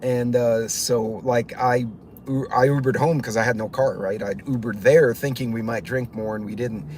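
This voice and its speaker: A man's voice: mid-range voice, steady tone, moderate pace, a little mellow, a little hiss or hum. Rambling man telling a story. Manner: rambling, with many fillers and restarts; acts out other people's voices while retelling. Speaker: channel host. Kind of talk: casual storytelling.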